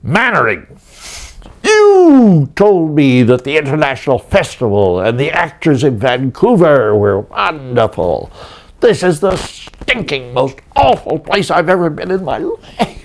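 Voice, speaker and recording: A man's voice: fairly high pitch, huge pitch swings, measured pace, voice pushed up, exaggerated voice. An older man putting on the voice of an irate middle-aged male theatre director, scornful and drawn out. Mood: exasperated.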